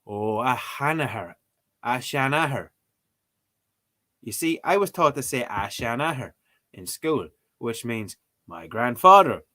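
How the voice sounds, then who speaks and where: A man's voice: mid-range voice, big pitch swings, measured pace, sharp tone. An Irish man giving joking, mock-outraged commentary while he works through a language-learning app. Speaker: streamer playing a language app. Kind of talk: casual comedic commentary.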